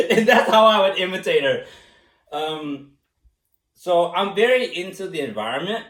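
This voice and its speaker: A man being interviewed, speaking casually, animated and self-mocking, laughing often and slipping into impressions. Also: high-pitched, unhurried. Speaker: interviewee, former student. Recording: echoey room, mic at a distance.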